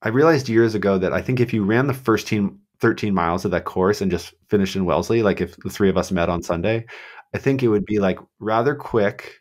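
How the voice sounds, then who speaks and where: A man on a podcast telling running stories in a casual, animated way, acting out quotes with lots of fillers. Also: fairly low pitch, fairly quick. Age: adult with a child. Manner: animated storyteller, acts out quotes, many fillers. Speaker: guest marathon runner.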